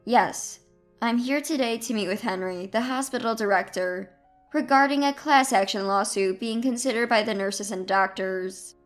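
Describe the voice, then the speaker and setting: Woman reading Daniel, calm confident lawyer. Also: fairly high pitch, normal speed, faint music behind, close to an everyday voice. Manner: calm, amiable, firm.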